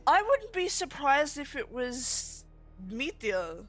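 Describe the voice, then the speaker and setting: A woman's voice: high voice, big pitch swings, slow pace, faint music behind. A woman streaming a game, chatting bluntly and casually with sarcastic asides and swearing. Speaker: VTuber streamer. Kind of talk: casual gaming stream chat.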